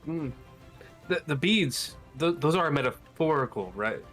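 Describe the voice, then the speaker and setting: A man playing a tabletop game, talking in a hesitant, halting way with many pauses. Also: a little high, expressive, fairly bright tone, faint music behind. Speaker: player.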